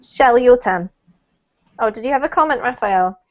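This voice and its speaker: A woman's voice: on the high side, expressive, normal speed. A woman teaching English pronunciation in an online class, chatty and encouraging, with a light laugh. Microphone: video call. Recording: dull lo-fi call audio.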